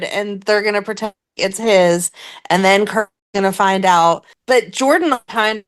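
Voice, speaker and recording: A woman co-hosting a podcast in casual chat, animated and laughing often, acting out lines she quotes. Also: mid-range voice, normal speed, clean tone. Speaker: podcast co-host.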